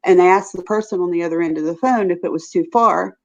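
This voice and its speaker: A woman with a Southern US accent hosts a casual live stream, chatting and laughing often. She talks fast in a lowish voice, and the stream audio is dull and lo-fi.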